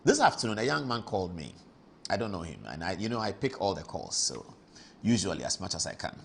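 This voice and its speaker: A man's voice: quick pace, gravelly, slight background noise. A man with a Ghanaian accent hosting an evening TV talk show, telling stories with big swings in his voice. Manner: animated storyteller with big pitch swings. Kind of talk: chatty studio monologue. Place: TV studio.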